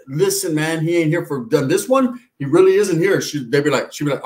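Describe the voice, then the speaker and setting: A man's voice: on the high side, lively intonation, moderate pace, few pauses. Profane, laughing storyteller man, roomy sound. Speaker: podcast co-host. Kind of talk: casual storytelling chat.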